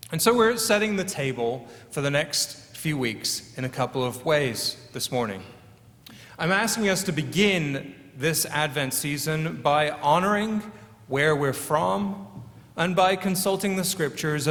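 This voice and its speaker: A man's voice: mid-range voice, fairly bright tone. Man pastor, English-born, storytelling sermon, church with long echo. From England. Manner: conversational storytelling preaching. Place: church sanctuary.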